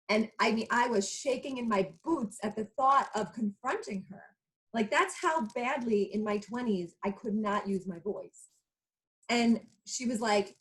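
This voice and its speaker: A woman's voice: on the high side, lively intonation, normal speed, low-quality recording. A woman in her thirties, co-hosting a casual talk show and telling a personal story, acting out what people said. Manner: chatty storyteller, acts out quotes. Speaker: co-host.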